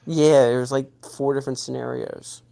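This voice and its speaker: A man in a casual podcast chat, telling a work story in a rambling, halting way with many restarts. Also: medium pitch, fairly even intonation, gravelly, mellow.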